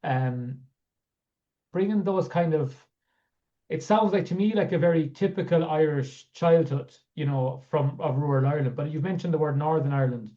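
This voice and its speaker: A man's voice: a little high, normal speed, warm tone, muffled recording. A man hosting a podcast interview, asking long, thoughtful questions in a conversational way with fillers. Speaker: podcast host.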